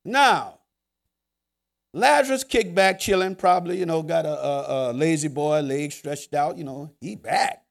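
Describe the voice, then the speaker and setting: A man preaching a sermon in a joking, conversational way, swinging from loud emphasis to hushed asides. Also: on the high side, unhurried, vocal fry.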